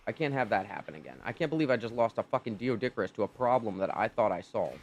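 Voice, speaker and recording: A man's voice: on the low side, expressive, fast talker, highs cut off, a little hiss or hum. Exasperated young man ranting over gameplay. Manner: exasperated, swearing, incredulous. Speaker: gaming channel host. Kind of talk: gameplay commentary.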